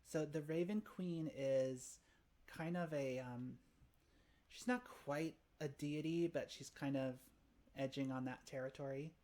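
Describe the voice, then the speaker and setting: Give me a woman game master narrating with halting, um-filled delivery. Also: low-pitched, fairly even intonation, warm tone. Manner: hesitant, many fillers and restarts.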